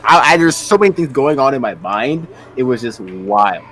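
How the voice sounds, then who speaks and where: A man from Maryland hosting his stream, telling stories in a relaxed, animated way. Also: medium pitch, moderate pace. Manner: animated storyteller, laughs loudly. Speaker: streamer host. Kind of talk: casual chat.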